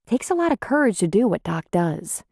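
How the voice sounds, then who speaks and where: A woman's voice: medium pitch, very animated, a little fast, creaky, a little mellow, no room sound, clean studio sound. A woman voicing an earnest, troubled city nurse practitioner in an audiobook.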